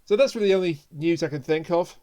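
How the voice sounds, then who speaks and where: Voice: mid-range voice, quick pace, warm tone. A podcast host in casual chat, joking around, laughing often and stumbling over words. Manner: jokey, laughs a lot, trips over words.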